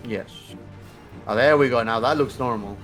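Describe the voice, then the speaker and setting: A man's voice: medium pitch, normal speed, fairly bright tone, faint music behind. Rambling, joking man on voice chat. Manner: rambling, joking, swears casually. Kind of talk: live stream banter.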